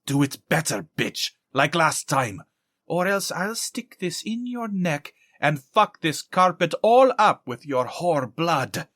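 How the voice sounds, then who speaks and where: A man's voice: fairly high pitch, very animated, slow, fairly bright tone, no room sound, clean studio sound, pitched above the performer's own voice, heavily acted. Man doing a mean hissing woman, whispery and far-ish, audiobook. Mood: vicious. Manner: hot whisper, vicious. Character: cruel dominant woman hissing threats.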